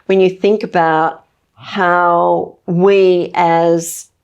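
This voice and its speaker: A woman's voice: lowish voice, little pitch movement, extremely slow, darkish tone, clear, resonant tone, dull audio. A woman hosting a talk show interview, chatty and agreeable, building on her guest's points. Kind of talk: conversational interview.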